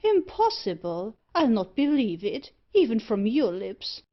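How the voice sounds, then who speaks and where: A woman reading aloud, voicing an excitable old gentleman who exclaims over things. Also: fairly high pitch, measured pace, dull audio. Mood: alarmed. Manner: rapt, exclamatory.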